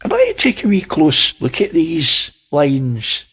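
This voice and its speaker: A man's voice: fairly high pitch, huge pitch swings, measured pace, fairly bright tone, slightly rough. A man with a Scottish accent, talking viewers through images and pointing out details, with wry asides. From Scotland. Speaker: channel host. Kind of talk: narrating image analysis.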